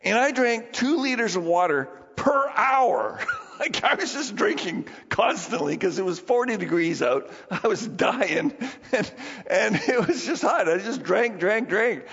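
Male pastor, high lively voice, animated storytelling sermon, dull hall recording. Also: measured pace, slightly rough. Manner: animated, acts out crowd voices, laughs often. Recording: dull sound in a reverberant hall.

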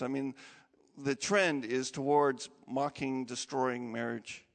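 A man's voice: mid-range voice, takes it slowly, big-room sound. A male pastor giving an emphatic, conversational sermon to his congregation. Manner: animated, emphatic, conversational preaching with self-corrections. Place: church sanctuary.

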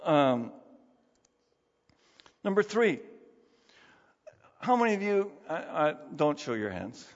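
Animated middle-aged man preaching. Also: on the high side, slow pace, vocal fry. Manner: animated, conversational, with laughs and rhetorical questions. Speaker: pastor. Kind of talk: sermon. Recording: dull, reverberant hall sound.

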